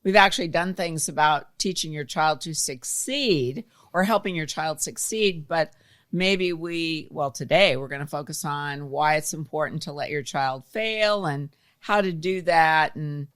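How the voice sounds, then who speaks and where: A woman co-hosting a parenting podcast, explaining the topic in a measured way and encouraging her co-host. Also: low-pitched, a bit bright, dry recording. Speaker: co-host, executive director. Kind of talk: casual conversation.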